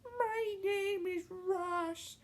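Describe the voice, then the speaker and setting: A reader voicing a polite, eager eight-year-old boy in a squeaky, drawn-out falsetto. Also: full character voice. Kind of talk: reading a childhood story aloud.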